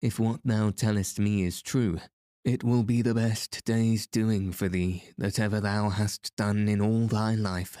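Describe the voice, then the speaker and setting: A man's voice: fairly low pitch, level tone, unhurried, mellow, dry recording, studio quality, lightly acted. Man doing a gloating cruel sheriff. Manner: commanding and gloating. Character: gloating cruel middle-aged male sheriff.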